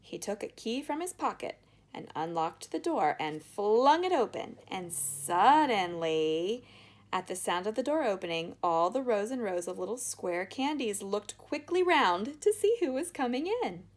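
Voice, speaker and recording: A woman narrating a children's storybook aloud in an expressive, lively way. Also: medium pitch, a little slow. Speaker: audiobook reader.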